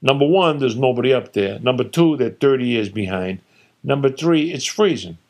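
A man's voice: mid-range voice, lively intonation, normal speed. A man doing a blustering patriotic father. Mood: ranting. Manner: loud, emphatic, scornful ranting. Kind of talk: storytelling reading with character voices.

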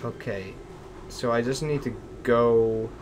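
A man commenting nervously as he plays a game, sliding between quiet muttering and sudden exclamations. His voice sits in an ordinary middle pitch. A steady air-conditioner hum stays clearly audible behind him. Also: slow pace, low-quality recording. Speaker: let's play gamer. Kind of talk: gaming commentary.

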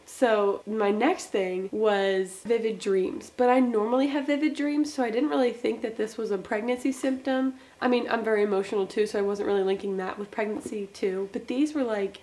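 A young woman vlogging in a chatty, rambling way, acting out little scenes as she tells them. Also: mid-range voice. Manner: chatty, rambling, animated retelling. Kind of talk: casual chat.

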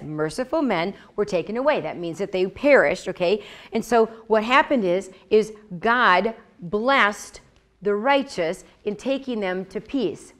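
A woman leads a Bible study in a relaxed, conversational way. She repeats her points for emphasis and keeps checking in with "okay?" and "right?". She also voices the quoted lines with animated expression. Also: medium pitch. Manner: animated, acts out God's words. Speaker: Bible teacher.

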